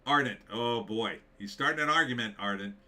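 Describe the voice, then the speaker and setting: A man's voice: mid-range voice, fairly quick, sharp tone. A man hosting a live stream, reading viewer comments aloud and answering them with blunt, dismissive opinions and many fillers.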